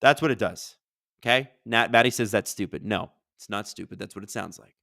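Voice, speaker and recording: A man's voice: fairly low pitch, fairly quick, vocal fry, dry recording, studio quality. A man hosting a live hockey watch-along, chatting casually and reading viewer questions aloud. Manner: energetic, rambling, reads chat questions aloud. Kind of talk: casual live-stream chat and game commentary.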